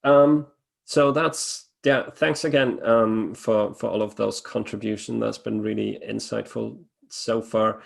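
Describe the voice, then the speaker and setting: A man's voice: on the low side, steady tone, measured pace, gravelly. A man hosting a webinar, talking casually with many fillers and restarts. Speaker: webinar host.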